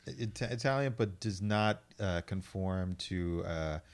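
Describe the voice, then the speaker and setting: A man's voice: low voice, takes it slowly. A man in casual chat who laughs often and eagerly backs up his co-host.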